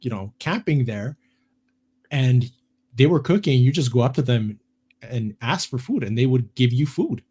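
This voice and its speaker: A man's voice: mid-range voice, moderate pace, breathy edge. A man co-hosting a podcast, chatting casually with frequent fillers and restarts. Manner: relaxed, hesitant with many fillers. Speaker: podcast co-host. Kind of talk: casual chat.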